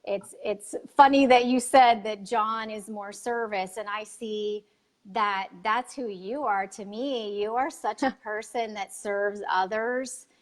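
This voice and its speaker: A woman's voice: medium pitch, steady tone. A woman hosting a casual chat, gushing with praise and often restarting her sentences. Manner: gushing, halting, many restarts. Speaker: podcast host.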